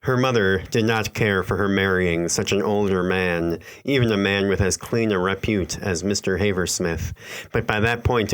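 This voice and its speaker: A man reading a scary literary story aloud in a slow, measured, somber narration. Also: deep voice, clean tone.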